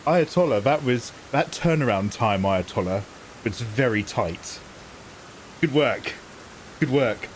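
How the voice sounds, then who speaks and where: A man's voice: mid-range voice, lively intonation, takes it slowly, a little hiss or hum, low-quality recording. A man chatting casually with viewers during a live game stream, playful and joking with a lot of laughter. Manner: playful, jokey, laughing often, hamming up mangled French. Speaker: game livestreamer.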